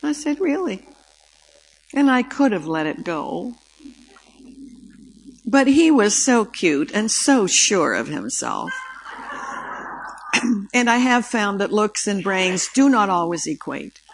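An older woman giving a talk about the brain, telling an anecdote in a lively storytelling way and acting out the dialogue. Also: medium pitch, slow, vocal fry, long pauses, slight background noise, low-quality recording. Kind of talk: storytelling lecture.

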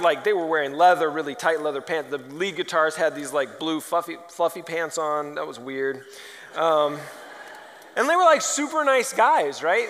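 A man preaching a sermon, telling a story in a lively, rambling way and often poking fun at himself. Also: on the high side. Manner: animated, rambling and self-mocking. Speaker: pastor. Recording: long hall reverb.

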